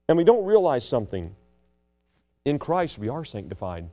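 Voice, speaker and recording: A man preaching a sermon with passion, swinging between loud declarations and hushed asides. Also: big pitch swings, normal speed, soft background music. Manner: mocks proud churchgoers in a sneering low voice.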